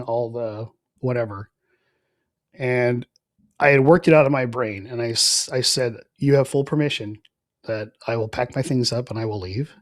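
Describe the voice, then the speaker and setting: A middle-aged man telling his personal faith story as a podcast guest, earnest and reflective, trailing off softly with fillers. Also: medium pitch, no echo, studio quality. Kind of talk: conversational spoken testimony.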